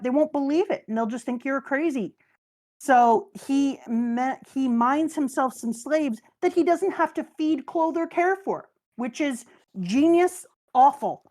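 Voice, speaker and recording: Animated woman host gushing over anime. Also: sits high. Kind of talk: casual chat, anime recap.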